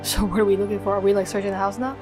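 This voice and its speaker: A woman's voice: medium pitch, level tone, rapid-fire, over music. Woman swearing through game commentary. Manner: swears and laughs, reacts loudly. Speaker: let's play gamer.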